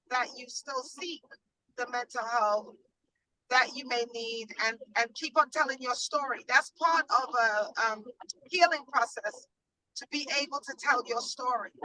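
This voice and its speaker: Brief: woman panelist on a video call, earnest and encouraging, bright voice, a bit distant from the mic. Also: on the high side, no room sound. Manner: earnest, faith-based encouragement. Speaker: panel member. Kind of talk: supportive remarks on a video call.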